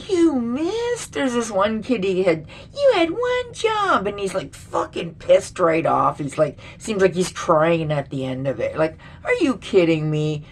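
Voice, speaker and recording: A woman's voice: lowish voice, a little hiss or hum. A middle-aged woman vlogger ranting bluntly and with lots of swearing in a casual commentary. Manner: blunt, profane, indignant.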